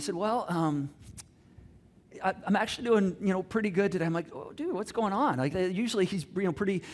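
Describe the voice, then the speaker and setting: A middle-aged man preaching a sermon, telling stories with many restarts and quoted conversations. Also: high voice. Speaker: pastor.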